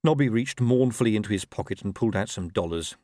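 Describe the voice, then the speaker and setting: Lively male audiobook narrator, dry sound. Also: lowish voice, fast, no echo. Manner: expressive, shifting tone through the telling.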